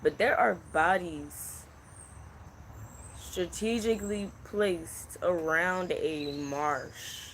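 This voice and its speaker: A man in his twenties giving an unscripted psychic reading, speaking slowly in a hushed, halting and emotional way. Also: high voice, slight background noise. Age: 20s. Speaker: psychic channel host. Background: crickets and insects.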